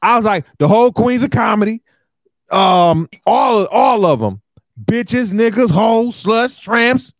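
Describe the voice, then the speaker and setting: High-voiced man ranting on a podcast. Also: slow, dry recording, clean studio sound. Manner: animated, profane, emphatic ranting. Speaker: podcast co-host. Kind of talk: casual chat.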